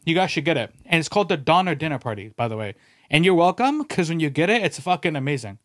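A man hosting a podcast, telling stories in a casual, animated way, swearing freely and acting out quoted voices. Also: a little high, fast talker, no echo, clean studio sound. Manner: animated, profane, peppered with "bro" and "dude". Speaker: podcast host. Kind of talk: casual storytelling chat.

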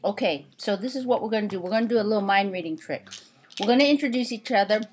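A woman voicing Shu, a sock puppet briskly planning a puppet show routine. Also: medium pitch, slight background noise, natural voice. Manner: brisk, directing, playful.

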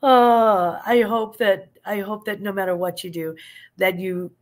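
A woman's voice: medium pitch, fairly even intonation, unhurried. Older woman, casual vlogger; playful, teasing, giggly, gushing over her finds. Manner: playful and teasing, laughs often mid-sentence. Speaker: vlogger unboxing a clothing box. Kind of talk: casual chat to camera.

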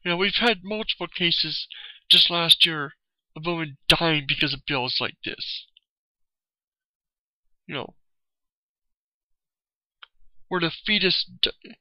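A man's voice: a little high, normal speed, dry recording, muffled recording. A man in an angry, profane video rant, repeating "you know" as he vents. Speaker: vlogger. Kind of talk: angry ranting video commentary.

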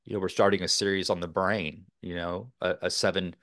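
A man's voice: sits low, flat delivery, fairly quick, fairly bright tone, no echo, studio quality. A man from Texas, a podcast guest, talking earnestly in a rambling way with many fillers. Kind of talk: casual interview talk.

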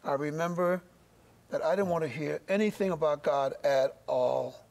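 A middle-aged man shares his faith story in a church interview. His voice sits a little high and has a gravelly edge. He speaks earnestly and haltingly, often doubling back on his words. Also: a little mellow. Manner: earnest, halting, repeats words while searching.

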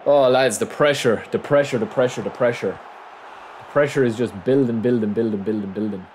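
A man giving live gameplay commentary, swinging between hyped shouting and low muttering as he plays. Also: fairly quick, a little hiss or hum. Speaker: gaming commentator.

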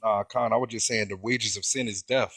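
A man's voice: lowish voice, fairly even intonation, a little fast, fairly bright tone, breathy edge, no echo. A man adding a hesitant comment in a studio conversation and reading a scripture quote. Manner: hesitant, with fillers. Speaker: studio guest.

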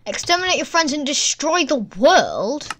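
Excitable high-voiced woman gaming. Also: moderate pace. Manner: excitable, exclaiming and thinking aloud. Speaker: gaming channel host. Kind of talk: gameplay commentary. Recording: keyboard clicks and typing in background. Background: keyboard typing noise.

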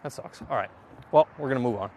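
A man chatting casually to viewers while hitting golf balls, excitable and self-mocking, swearing often and breaking into loud outbursts. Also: mid-range voice, fast, slight background noise. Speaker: golf vlogger. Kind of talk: casual range-session chat to viewers.

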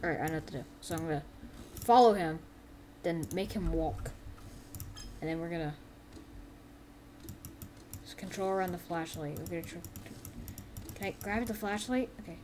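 A woman's voice: lowish voice, normal speed, pauses often. Woman rambling thru a game, lots of um's, random yelps, faint hiss and typing behind. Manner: rambling and excitable, with sudden yelps. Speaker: gameplay commentator. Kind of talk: casual let's-play commentary.

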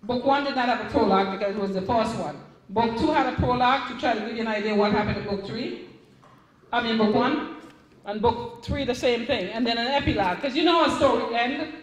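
A middle-aged woman with a Caribbean English accent, an author speaking to a live audience at a book signing in a chatty, animated way. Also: a little high, fairly quick, distant mic, slight background noise. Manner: chatty, animated storytelling with restarts. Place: event room. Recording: echoey room.

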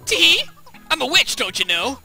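A man's voice: very high voice, very animated, normal speed, pushed and bright, soft background music, exaggerated voice. A man voicing a mischievous witch in a video game, in a theatrical, proclaiming manner.

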